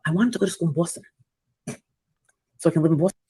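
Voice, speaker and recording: A woman's voice: lowish voice, quick pace, dark tone, slightly rough, no room sound. A woman hosting a livestream, chatting bluntly with callers, swearing freely and acting out quoted dialogue. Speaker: livestream host. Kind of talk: casual livestream chat with callers.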